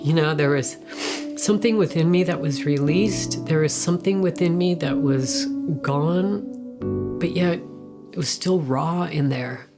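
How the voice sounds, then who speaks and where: A woman giving an emotional personal testimony, halting and reflective, her voice lifting on questions. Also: deep voice. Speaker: interviewee. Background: loud guitar music.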